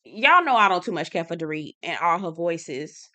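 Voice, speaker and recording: A woman with a bright, forceful voice runs a chatty recap. She is sassy and teasing and talks straight to her viewers. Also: on the low side, moderate pace. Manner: sassy, calls viewers "y'all" and "girl"; laughs and teases, animated. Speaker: reality TV recap host. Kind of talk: chatty commentary video.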